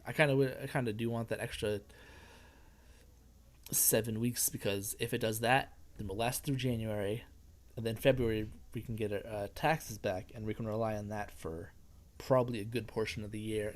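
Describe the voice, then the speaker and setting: A young man chats casually on a live stream, rambling and laughing often while sounding stressed. His voice sits slightly low. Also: fairly even intonation, moderate pace.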